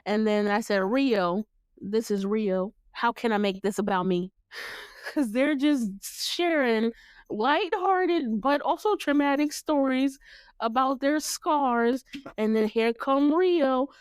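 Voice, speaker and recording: Smooth-voiced young woman hosting a recap. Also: fairly high pitch, slow, no echo. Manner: animated, laughing, acts out lines in playful voices. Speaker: podcast host. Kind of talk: casual recap chat.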